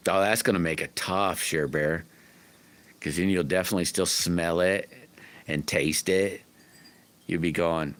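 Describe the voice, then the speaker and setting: Folksy deep-voiced middle-aged man. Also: fairly even intonation, normal speed, long pauses, a bit bright. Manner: folksy, rambling, with many restarts. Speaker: livestream host. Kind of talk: casual livestream chat answering viewers.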